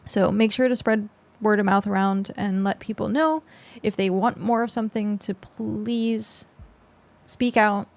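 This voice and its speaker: A woman's voice: medium pitch, steady tone, unhurried, creaky, a little mellow. A young adult woman streamer chatting casually with her viewers on a close mic, rambling with lots of fillers. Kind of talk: casual livestream chat with viewers.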